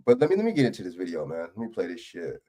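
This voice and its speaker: A man's voice: deep voice, huge pitch swings, rapid-fire, mellow. A man giving heated, profane reaction commentary on a political video clip.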